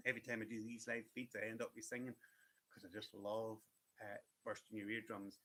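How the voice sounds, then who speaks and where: Man, lowish voice, bright, chatty, repetitive, reassuring, tarot reader on a live stream. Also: monotone, brisk. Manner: chatty, repetitive, reassuring, addresses viewers by name. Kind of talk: live-stream one-card readings.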